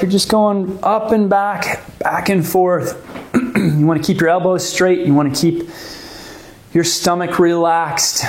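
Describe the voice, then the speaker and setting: Calm man coaching an exercise class. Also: on the high side. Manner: calm, gently coaching, explains the reasons for each move. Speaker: movement class instructor. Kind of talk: guided exercise class instruction.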